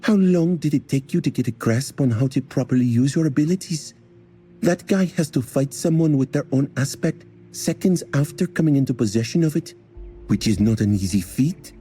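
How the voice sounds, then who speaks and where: A man's voice: medium pitch, moderate pace, warm tone, husky, faint music behind, voice pushed up, lightly acted. A man voicing a self-assured, sleepy young female warrior with a lazy drawl in an audiobook. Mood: confident.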